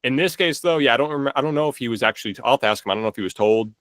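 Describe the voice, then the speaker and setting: A man's voice: mid-range voice, expressive, racing, fairly bright tone, no echo. A young man in casual podcast chat, rambling with lots of filler words and restarts. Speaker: podcast co-host.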